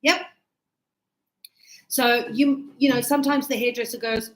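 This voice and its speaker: A woman teaching English in a live class, chatty and animated, acting out little dialogues as she explains. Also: a little high, moderate pace, reverberant, low-quality recording.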